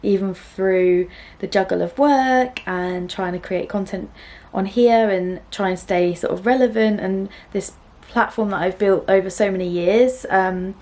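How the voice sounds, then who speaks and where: Young woman, home sewing vlogger, gentle and chatty with soft laughs, talking straight to camera. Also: medium pitch, a little slow. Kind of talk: casual chat to camera. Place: small room at home.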